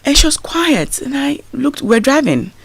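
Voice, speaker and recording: A woman's voice: high-pitched, moderate pace, creaky, no room sound. A woman, a guest telling a personal story in a radio interview, acting out what people said. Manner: animated storyteller acting out quoted speech.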